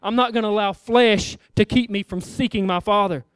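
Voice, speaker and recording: A man's voice: sits high, moderate pace, clean tone, dry recording, clean studio sound. A man preaching a sermon, emphatic and repetitive, acting out little voices as he goes.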